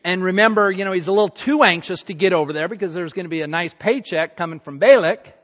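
A pastor with a high voice for a man tells a scripture story in a loose, chatty way, dropping in asides and checking that the people are following. The recording sounds dull and muffled. It has the long reverb of a church hall. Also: fast talker, a bit bright. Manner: conversational storytelling with fillers like "you know" and "okay?". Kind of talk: sermon.

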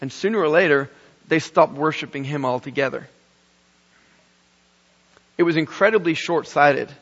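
A middle-aged man preaching a sermon, telling a story with animated humor and wry asides. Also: fairly high pitch, normal speed. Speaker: pastor. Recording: echoey hall, slightly dull sound.

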